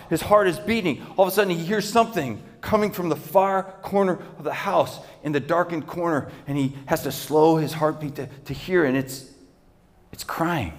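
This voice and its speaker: A pastor with a fairly high voice preaches at a moderate pace in a church sanctuary, where the hall's long reverb rings out. He retells a story vividly and dramatically, repeating key phrases.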